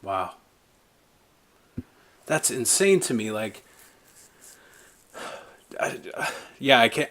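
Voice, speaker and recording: A man's voice: fairly low pitch, a bit bright. A man hosting a podcast interview, talking casually with many fillers and restarts. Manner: casual, full of "like" and "I mean" fillers. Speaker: podcast host.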